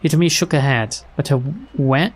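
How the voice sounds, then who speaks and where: A young man reading a visual novel aloud, mixing flat narration with casual, chuckling asides. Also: on the high side, normal speed. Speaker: let's player.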